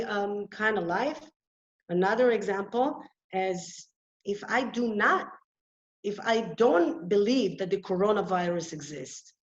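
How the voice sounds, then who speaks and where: Earnest woman presenting a lo-fi webinar. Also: a little high. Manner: earnest, explanatory, with halting restarts. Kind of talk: lecture-style webinar talk. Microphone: video call microphone.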